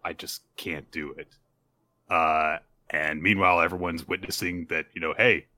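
A man's voice: low voice, dry recording. A man casually recapping a manga chapter on a podcast, acting out the characters' lines as he goes. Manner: animated retelling, acts out character lines. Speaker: podcast co-host.

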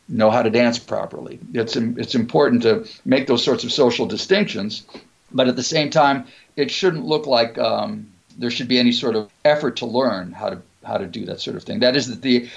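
A man's voice: mid-range voice, vocal fry. A man in a scholarly discussion, talking thoughtfully and discursively with some hesitation. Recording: dull lo-fi sound.

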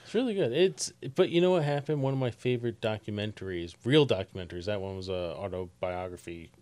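A man's voice: on the low side, darkish tone. Chatty New man. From New Jersey. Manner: chatty, quick to laugh at his own jokes. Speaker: podcast co-host. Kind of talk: casual chat.

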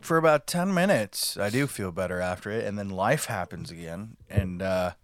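A man's voice: on the low side, expressive, moderate pace, no room sound. A man co-hosting a casual podcast, speaking in a glum, wry, self-mocking way. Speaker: podcast co-host.

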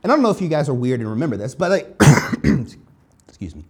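Lively, conversational preacher. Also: medium pitch, fairly quick. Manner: conversational, self-deprecating, repeats phrases. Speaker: pastor. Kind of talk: sermon.

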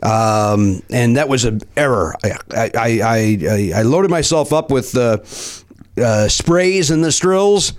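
A man hosting a comedy podcast, chatting casually with a wry, self-mocking manner, a bit congested from allergies. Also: mid-range voice. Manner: wry, self-mocking, lively delivery with quick asides. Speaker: podcast host.

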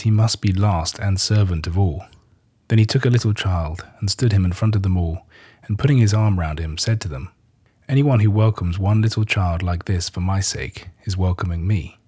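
A man giving a measured scripted reading of scripture, lightly voicing the quoted speech. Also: sits low, darkish tone, slightly rough. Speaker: scripture reader.

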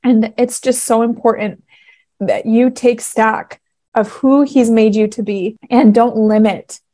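A woman's voice: a little high, steady tone, a little slow, dark tone. Earnest, emotional woman podcaster. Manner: emotional, earnest, laughing through tears. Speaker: podcast host. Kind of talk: casual faith podcast monologue.

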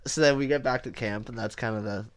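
A man telling a hunting story in casual chat, animated and acting out what people said. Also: mid-range voice, fast talker, slight background noise. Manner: animated storyteller, acts out quotes. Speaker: hunter telling a trip story.

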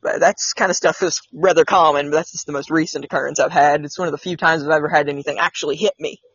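Talking fast in a fairly high, slightly rough and somewhat bright voice, a podcast host keeps his intonation fairly even. He meanders through his own experiences with frequent false starts and hesitation. The sound is dry and a little dull.

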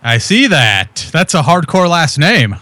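A man's voice: fairly high pitch, sing-song, a little slow, pushed and bright, no echo. A young man joining a casual podcast chat over a video call, wry and laughing easily. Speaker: guest calling in on a video call.

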